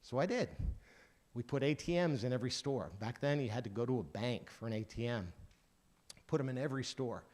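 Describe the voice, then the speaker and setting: A man's voice: mid-range voice, brisk. A man in his sixties giving a conference keynote, telling career stories and acting out the voices of the people in them. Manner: anecdotal, lively storyteller acting out dialogue. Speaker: keynote speaker.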